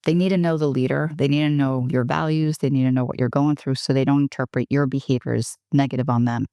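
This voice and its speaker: A woman's voice: very deep voice, steady tone, fast, dark tone, no echo, clean studio sound. A middle-aged woman, a guest on an interview podcast, telling frank, self-deprecating stories and acting out the dialogue. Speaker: guest, HR executive. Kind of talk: candid podcast storytelling.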